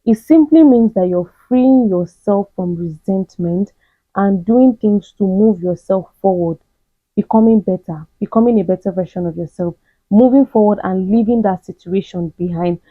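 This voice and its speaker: A woman with a mid-range voice gives a blunt, preachy self-help talk straight to camera at normal speed, hammering the same points again and again. The recording sounds tinny and phone-like, with no room sound.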